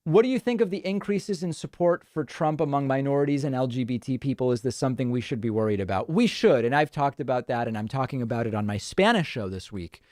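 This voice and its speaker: A man's voice: medium pitch, animated, fast talker, hardly any pauses, a little mellow, no room sound. A man hosting a live political stream, reading viewer comments aloud and answering them offhand with dry asides. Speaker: political show host.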